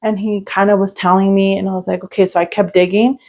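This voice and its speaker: A woman's voice: mid-range voice, little pitch movement, quick pace, darkish tone. A young woman co-hosting a podcast, telling a story in casual chat with lots of fillers and restarts. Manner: rambling, many "like" fillers and restarts. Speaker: podcast co-host.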